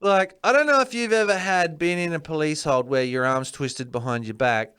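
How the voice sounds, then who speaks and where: A man with an unusually high voice co-hosting a casual podcast. He banters loosely, swearing often and breaking into laughter. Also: normal speed, bright, forceful tone, smooth. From Australia. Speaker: podcast co-host.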